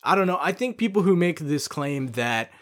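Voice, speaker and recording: A man's voice: on the high side, animated, normal speed, fairly bright tone. A man co-hosting a casual podcast, ranting heatedly and swearing freely. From not from Japan, living there. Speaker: podcast co-host.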